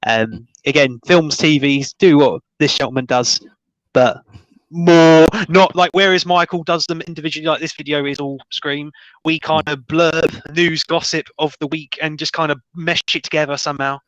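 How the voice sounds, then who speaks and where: A man's voice: fairly high pitch, fairly even intonation, normal speed, fairly bright tone, no room sound, poor audio. A man joining a film podcast as a guest, talking loosely and laughing a lot as he goes. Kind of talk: casual podcast chat.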